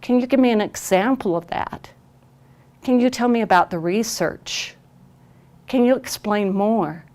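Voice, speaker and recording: A woman's voice: fairly high pitch, unhurried, a little mellow. A woman parent consultant giving an advocacy training presentation on camera. She talks earnestly and emphatically and often repeats phrases for stress. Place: recorded on camera.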